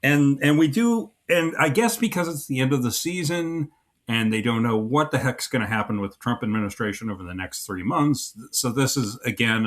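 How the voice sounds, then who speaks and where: A man's voice: on the low side, fairly bright tone. A man co-hosting a comedy podcast, recapping sketches with dry, wry banter. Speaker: podcast co-host. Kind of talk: casual comedy podcast chat.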